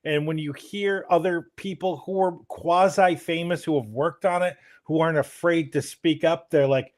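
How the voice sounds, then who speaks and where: A man's voice: on the high side, steady tone, moderate pace, hardly any pauses. A man co-hosting a movie podcast, laughing and sarcastic in casual chat. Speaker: podcast co-host.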